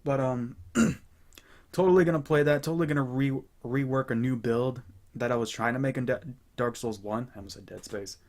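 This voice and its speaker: A young man chatting casually as host of a gaming channel, rambling and relaxed with many fillers and restarts. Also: medium pitch, moderate pace. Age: young adult. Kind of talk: casual chat.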